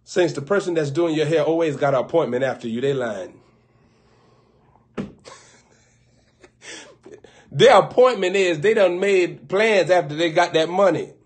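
High-voiced man riffing comedically. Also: measured pace, pauses often. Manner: animated, laughing often, acting out little scenes. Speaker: preacher. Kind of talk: comedic storytelling riff.

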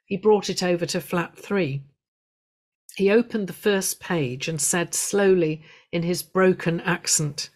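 A woman with a lowish voice presents a prepared talk with illustrations to a local history society. Her storytelling is measured and touched with gentle humour.

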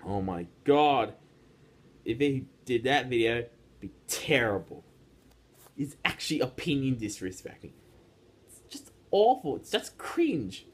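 A man's voice: medium pitch, very animated, a little slow, pauses often, slightly rough. A teenage boy ranting casually to his viewers, rambling with frequent restarts and repeated words. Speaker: YouTube ranter. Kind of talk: casual rant vlog.

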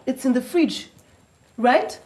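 An actress playing an excitable young woman who gushes with emotion over a famous guest. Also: high-pitched, slow pace. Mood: excited. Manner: gushing, emotional. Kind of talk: comedy series acting.

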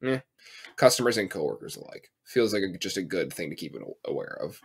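A man's voice: sits low, very animated, fairly quick, gravelly, husky. An American man in his twenties with a rambling, profane way of telling stories, full of fillers, co-hosting a casual podcast chat. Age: 20s. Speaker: podcast co-host.

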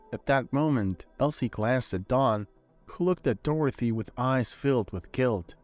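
Male storyteller, measured scripted narration, faint music bed. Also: mid-range voice.

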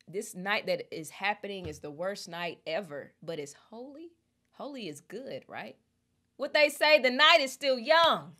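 A young woman, chatting expressively in a casual lyric breakdown and reading lyrics aloud slowly. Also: mid-range voice, expressive, sharp tone. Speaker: music reaction host.

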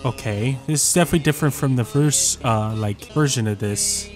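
Speaking a little fast in a medium-pitched voice, a young man who makes gaming videos on YouTube curses and rants while losing over and over at a rhythm game at home, repeating himself in frustration. Faint game music sits in the background, and his desk mic is sometimes shifted away.

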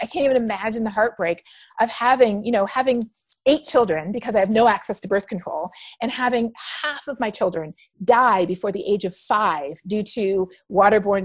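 A middle-aged woman from Canada, a podcast guest telling stories in a lively conversational way. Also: mid-range voice, slightly rough, no echo. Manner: animated storyteller acting out quoted dialogue.

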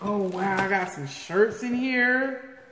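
A medium-pitched woman unboxes fan mail in a casual home vlog, unhurried but excitable, gasping and repeating herself with delight. Her voice rings through an echoey room with long reverb and a faint hiss underneath.

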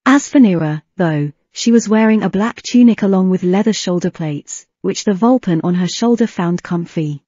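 A woman narrates a fantasy fan fiction audiobook in a steady reading with a few slips. Her voice is mellow and warm, close to the mic in a dry room. The recording sounds a little dull and lo-fi. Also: medium pitch, moderate pace, few pauses, no room sound.

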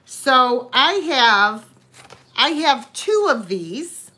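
A chatty woman hosting a live vintage sale, greeting viewers by name between items. Her voice sits high and swoops about a lot, and she talks very slowly. The tone is bright and forceful. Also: sing-song, husky. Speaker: online vintage seller. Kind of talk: live-stream sale chat.

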